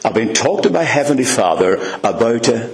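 A man's voice: medium pitch, very animated, fairly quick, roomy sound. A man with a Northern Irish accent preaching a sermon, earnest and emphatic, speaking directly to his listeners. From Northern Ireland. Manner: earnest, emphatic preaching, addressing "dear friends".

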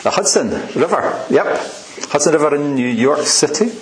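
Chatty pastor in a roomy hall. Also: male voice, fairly high pitch, expressive, normal speed. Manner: chatty, jokey, laughs at his own asides. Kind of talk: sermon.

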